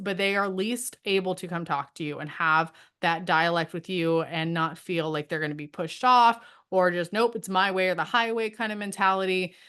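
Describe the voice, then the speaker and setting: Her voice is fairly low in pitch yet fairly bright in tone. She's a middle-aged woman leading an online training for homeschool parents from her home, where a dog is close by; she keeps it conversational, keeps asking "right?" and imitates both parents and teenagers.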